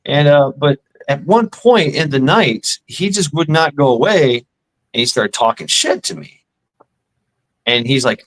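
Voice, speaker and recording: A man's voice: a little high, lively intonation, unhurried, fairly bright tone, poor audio. A middle-aged man telling casual stories in a rambling, profane way, acting out the lines of the people in them. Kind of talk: casual storytelling.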